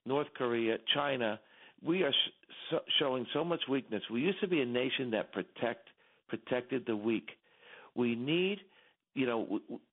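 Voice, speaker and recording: A man calling in as a radio guest, talking emphatically and repeating himself as his voice climbs when he gets stirred. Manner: emphatic, repetitive, rising in pitch when stirred. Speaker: company executive, radio guest. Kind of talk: impassioned call-in commentary. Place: home in Texas. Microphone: phone. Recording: tinny phone line.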